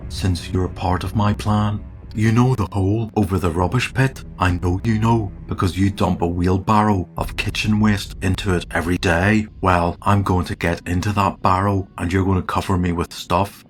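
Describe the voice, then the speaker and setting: A man with a slight cold in his throat, narrating a solo tabletop campaign as game master and reading every character's lines in one steady storytelling voice. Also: sits low.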